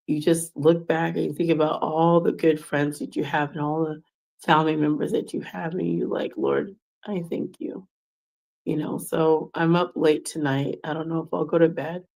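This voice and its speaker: Low gravelly woman musing late at night. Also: darkish tone. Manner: casual, chatty, acts out quoted exchanges. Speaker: podcast host. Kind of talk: late-night personal reflection.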